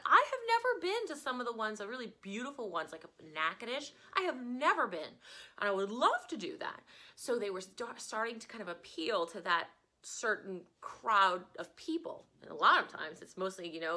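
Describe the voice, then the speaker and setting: A woman's voice: mid-range voice, bright, forceful tone. A woman teacher from Louisiana giving a chatty, digressive lecture in a casual way.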